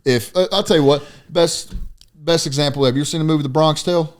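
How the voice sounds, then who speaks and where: A young man co-hosting a podcast, chatting about sports in a loose, profane, animated way and telling stories. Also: fairly high pitch, a little fast. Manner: profane, animated storytelling, often says "dude". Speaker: podcast co-host. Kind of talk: casual sports chat.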